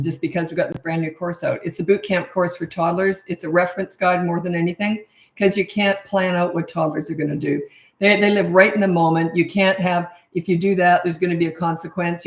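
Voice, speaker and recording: A middle-aged woman coaching parents in a casual live Q&A, blunt and chatty, laughing at herself. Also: on the low side. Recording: roomy echo.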